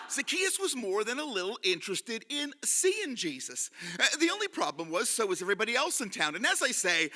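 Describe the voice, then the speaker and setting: A man telling a story live to an audience in a hall, animated and leading them in call-and-response. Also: extremely high pitch, fairly quick.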